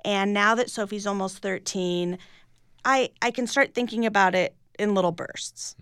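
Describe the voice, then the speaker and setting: A woman's voice: medium pitch, normal speed, fairly bright tone, clear, resonant tone, no echo, studio quality. A middle-aged woman, an author talking candidly and reflectively in a radio interview, often restarting her sentences. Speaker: author and guest.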